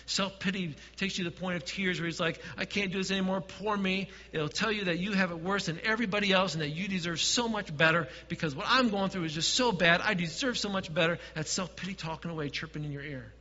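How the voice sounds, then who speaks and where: A man preaching a sermon as pastor, dropping to quiet asides and swelling to emphatic points. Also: high voice, fast talker, few pauses, long reverb tail, highs cut off.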